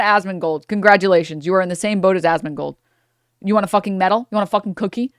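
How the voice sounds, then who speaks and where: A woman streamer reacting live, ranting hotly and swearing freely. Her voice sits at a mid pitch and is recorded dry and close, with no room echo. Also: quick pace. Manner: heated, profane ranting.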